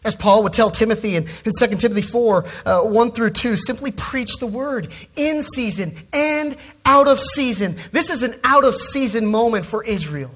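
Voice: medium pitch, animated, normal speed, hardly any pauses, fairly bright tone. A preacher giving an expository sermon, stressing key words and often repeating words when restarting a phrase.

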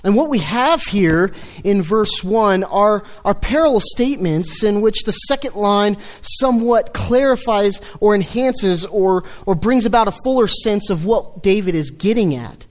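High-voiced male preacher, earnest sermon. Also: lively intonation, measured pace. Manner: earnest, dips low and soft when quoting the psalm.

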